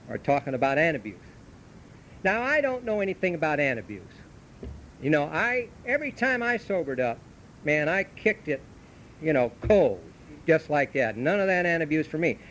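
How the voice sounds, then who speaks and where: A man's voice: medium pitch, poor audio. A middle-aged man giving a folksy, storytelling recovery talk at a meeting, grown up in Southern California. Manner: folksy storytelling, animated when telling the anecdote. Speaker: AA speaker. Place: meeting hall. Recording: old cassette tape with faint hum.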